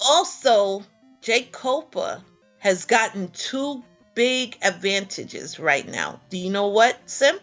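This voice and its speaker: A woman with a New York accent casually commentating a video game tournament, excitable and quick to laugh. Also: medium pitch, soft background music.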